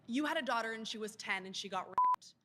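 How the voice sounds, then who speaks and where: A woman's voice: fairly high pitch, huge pitch swings, a little fast, big-room sound. A female college student in a heated debate, pressing her point emotionally. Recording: loud background noise.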